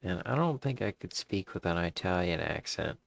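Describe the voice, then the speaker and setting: A man casually working out jokes in a deadpan way, stopping to rework punchlines. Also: deep voice, moderate pace, dry recording. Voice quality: gravelly, husky. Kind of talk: casual joke drafting.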